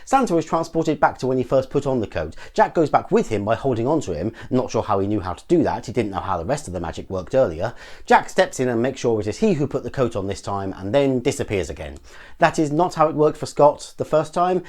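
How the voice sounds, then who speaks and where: A man's voice: medium pitch, sing-song, a little fast, a little mellow. An English man narrating a scripted film review with dry, sarcastic commentary. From England.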